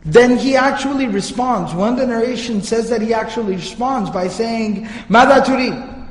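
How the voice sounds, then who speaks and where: A man's voice: extremely high pitch, normal speed. A man giving a religious history lecture, telling the story earnestly and reciting Arabic passages. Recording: echoey hall reverb.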